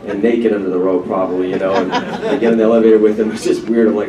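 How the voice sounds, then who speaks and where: A man with a somewhat low voice tells a chatty panel story, breaking into laughter as he goes. He sounds distant and echoey in a big hall, with a clear hum of noise underneath. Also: level tone, quick pace, few pauses, a crowd in the background. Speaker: panel guest. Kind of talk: convention Q&A anecdote. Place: large convention hall.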